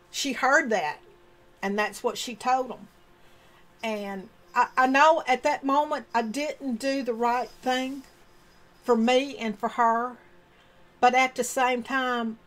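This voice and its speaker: A woman's voice: sits high, poor audio. A woman telling her own story of abuse in an earnest, emotional way, repeating key words for emphasis. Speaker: domestic violence survivor sharing her story. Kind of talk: personal storytelling monologue.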